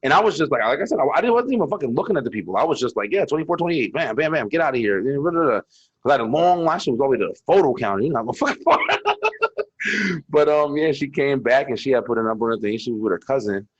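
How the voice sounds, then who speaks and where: Young man telling stories, husky and quick. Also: medium pitch, big pitch swings, dull audio. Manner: loose, profane storytelling with acted-out quotes. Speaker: co-host. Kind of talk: casual chat.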